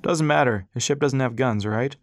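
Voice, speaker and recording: A man voicing rough male crewmen on a gunship, blunt and gruff. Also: medium pitch, normal speed, dry recording, clean studio sound, close to an everyday voice.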